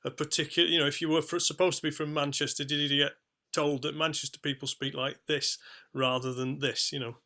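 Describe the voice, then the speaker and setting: Bright, rambling northern English man. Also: a little high, little pitch movement, fairly quick. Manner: rambling, searching for words. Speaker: association member asking a question. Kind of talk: questioning a guest on a video call. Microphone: video call.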